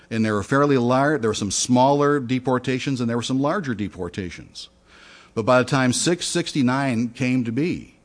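Man giving a conversational sermon. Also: mid-range voice. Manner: conversational, with fillers and restarts. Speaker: pastor.

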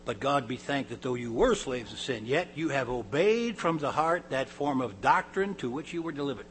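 A man's voice: mid-range voice, expressive, moderate pace, fairly bright tone, slight background noise, rough recording. A man giving a sermon, reading scripture with rising emphasis and then explaining it in a plain, conversational way with restarts. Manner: conversational asides with small laughs and restarts. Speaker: pastor.

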